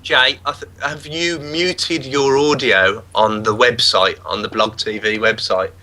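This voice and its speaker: A man's voice: mid-range voice, steady tone, measured pace, pushed and bright, low-quality recording. A man bantering on a panel, teasing and joking.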